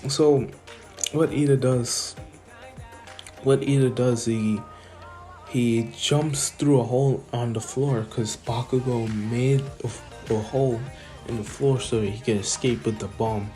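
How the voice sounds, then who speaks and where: A man's voice: medium pitch, fairly even intonation, takes it slowly, mellow, soft background music. A man casually retelling an improvised fan story, rambling with many restarts and chuckles.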